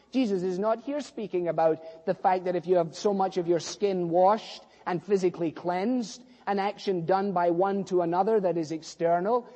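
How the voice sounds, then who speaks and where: A man preaching a sermon, animated as he acts out dialogue between biblical figures. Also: high-pitched. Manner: animated storytelling, acting out dialogue. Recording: long reverb of a hall.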